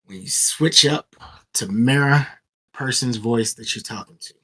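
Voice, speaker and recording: A man co-hosting a podcast, teasing his partner in quick, slangy casual banter. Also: medium pitch, pushed and bright, slightly rough. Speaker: podcast co-host. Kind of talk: casual chat.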